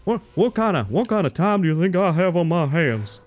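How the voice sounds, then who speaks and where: An Australian man putting on an American accent to voice a gruff, exasperated man who sells propane. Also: high-pitched, animated, a little fast, voice pushed up. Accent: American put on. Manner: exasperated rhetorical questions.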